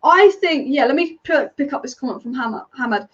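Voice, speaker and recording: Woman, football stream host, rapid-fire opinions, slightly dull lo-fi sound. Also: high-pitched, animated, fairly bright tone. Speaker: football fan channel host. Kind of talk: live match watch-along commentary.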